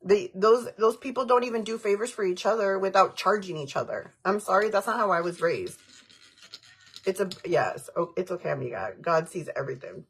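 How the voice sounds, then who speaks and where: A woman talks to her livestream viewers in a frank, heated and rambling way. Her voice is husky and mid-pitched. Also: fairly quick. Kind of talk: casual livestream chat, answering comments.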